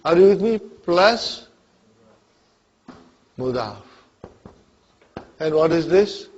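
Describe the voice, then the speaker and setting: In a muffled recording, a man teaches Arabic grammar in a rather high, animated voice, drawing out his words. He frequently asks whether the class understands and addresses students by name.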